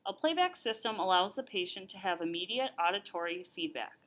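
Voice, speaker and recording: A woman's voice: medium pitch, lively intonation, a little fast, fairly bright tone. Young woman reading lesson steps evenly. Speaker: student playing a therapy client and narrating steps. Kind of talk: scripted lesson narration.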